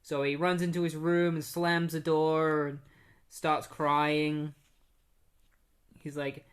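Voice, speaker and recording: A man's voice: on the high side, level tone, slow, pauses often. A man casually recapping comic issues on a podcast, rambling with many fillers and restarts. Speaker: podcast host.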